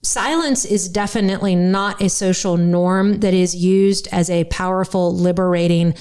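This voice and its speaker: A woman with a light North Carolina twang hosts a podcast in an earnest, animated way, often restarting her phrases. Her voice is smooth and clear and sits at a middle pitch. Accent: North Carolina Southern. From United States. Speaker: podcast host. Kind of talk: casual podcast conversation.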